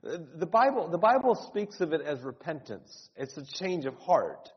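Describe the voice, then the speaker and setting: A man's voice: fairly high pitch, big pitch swings, unhurried. A male pastor preaching an earnest, urgent sermon, often repeating words and rising into cries. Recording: dull sound with long hall reverb.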